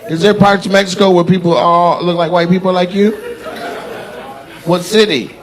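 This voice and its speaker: A man's voice: sits high, steady tone, normal speed. A man doing stand-up crowd work on a club stage, teasing audience members in loose, slangy banter. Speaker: stand-up comedian. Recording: live club recording, loud crowd laughter.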